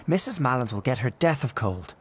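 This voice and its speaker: A man voicing an elderly aunt in a storybook reading, brisk and fussing. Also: medium pitch, very animated, husky.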